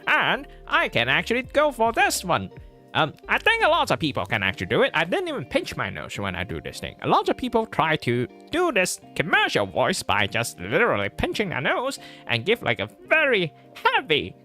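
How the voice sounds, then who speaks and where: A man's voice: sits high, wildly swooping pitch, moderate pace, sharp tone, faint music behind, voice pushed up, full character voice. A man putting on a swooping old radio ad announcer. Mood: showy. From Malaysia. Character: old-time male radio commercial announcer. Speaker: streamer.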